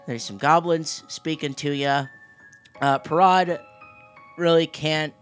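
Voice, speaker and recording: A man's voice: on the high side, steady tone, slow, a bit bright, clear, resonant tone, soft background music. A man running a tabletop game as game master, narrating playfully and laughing often.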